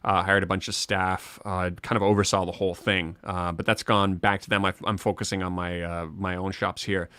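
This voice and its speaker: A Canadian man co-hosting a live stream in casual chat, chatty and quick to laugh. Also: low voice, level tone, bright, forceful tone, clear, resonant tone, dry recording. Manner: chatty, restarts often, laughs easily.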